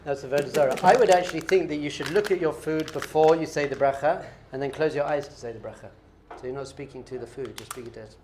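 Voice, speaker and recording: A middle-aged man, teaching a lively class as a rabbi and quizzing his students with playful questions. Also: fairly high pitch, fast, few pauses, slight background noise. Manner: animated, playful, quizzing the audience.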